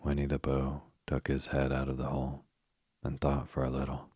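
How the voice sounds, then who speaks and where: A man reading a children's storybook aloud as narrator, calm and unhurried. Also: very deep voice, slightly rough, no echo, studio quality.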